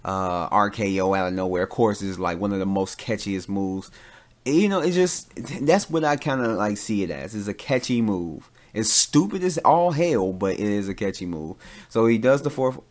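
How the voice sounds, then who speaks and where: Lower-voiced man ranting on a podcast. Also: normal speed. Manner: animated ranting with many fillers and restarts. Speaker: podcast host; father. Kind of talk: casual solo podcast commentary.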